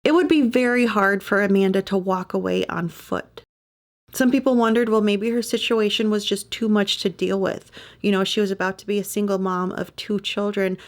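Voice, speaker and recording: A woman reads true-crime narration in her own podcast, pausing for sympathetic asides. Her voice carries steady vocal fry and sits in a middle range. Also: medium pitch. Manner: adds sympathetic personal asides. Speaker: podcast host.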